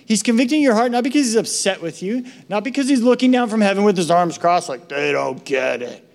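A man preaching a sermon as pastor, animated, acting out the voices he quotes. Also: high voice, quick pace. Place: church hall. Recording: long reverb of a large hall.

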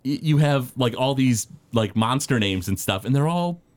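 A man's voice: mid-range voice, lively intonation, normal speed, darkish tone. A man co-hosting a casual podcast chat, talking in loose rambling sentences full of fillers and restarts. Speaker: podcast co-host.

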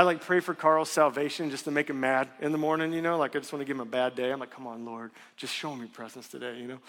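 A man in his thirties preaching a sermon, telling a personal story in a candid, conversational and animated way. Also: a little high, a little hiss or hum. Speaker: pastor. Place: church sanctuary. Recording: long reverb of a church hall.

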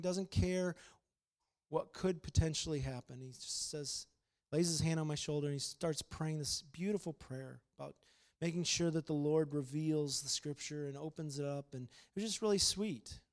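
Emphatic pastor, a man with high voice. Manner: swings between loud emphatic proclamation and quiet storytelling. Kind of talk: sermon.

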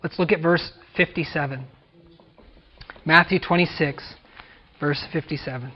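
A man with a high voice preaches a sermon, pressing hard on key words and falling away to near-hush at phrase ends. The recording sounds muffled and lo-fi, as from a church. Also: steady tone, measured pace, breathy edge. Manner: emphatic preaching, rising and dropping to near-whisper. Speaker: pastor.

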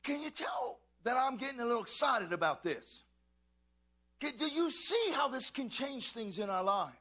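A male pastor preaching fervently in a church, swinging from shouts to quiet asides and calling out to his congregation. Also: extremely high pitch, big pitch swings, normal speed. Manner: addresses congregation, calls and repeats. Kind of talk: preaching a sermon.

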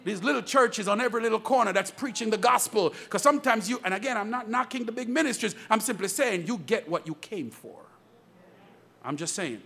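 High, husky, fervent preaching man. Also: animated, a little fast, a bit bright. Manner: fervent preaching, calls out to the congregation. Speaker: pastor. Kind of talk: sermon. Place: church pulpit.

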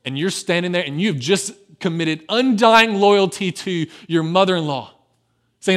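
A man preaching a sermon as pastor, dropping to a hushed, tender voice and then rising loud and urgent. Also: high-pitched, measured pace.

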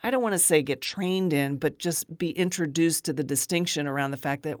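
Podcast host, dry close sound, conversational, reflective, mid pitch. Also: fairly quick, few pauses, no echo. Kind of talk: podcast interview.

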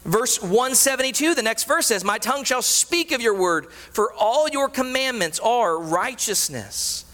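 A man preaching a sermon as a pastor, animated, with frequent rhetorical questions. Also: very high-pitched, measured pace, hardly any pauses. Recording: reverberant hall.

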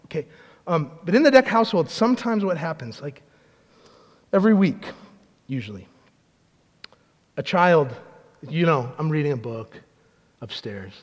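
A man preaches in a loose, conversational way, restarting his sentences and telling small family stories. His voice sits high for a man. The sound carries the long reverb of a church hall. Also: fairly bright tone. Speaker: pastor. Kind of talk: sermon.

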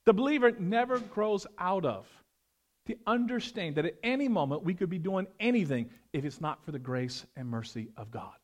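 A male pastor preaching a sermon, animated, swinging between loud emphasis and hushed, prayerful tones. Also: high-pitched, moderate pace.

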